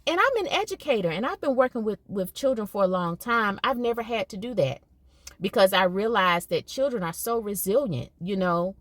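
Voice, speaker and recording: A woman's voice: medium pitch, lively intonation, normal speed, no echo. A middle-aged woman talking casually to her viewers, emphatic and conversational, often repeating herself for emphasis. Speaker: podcast host and educator. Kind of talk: casual monologue.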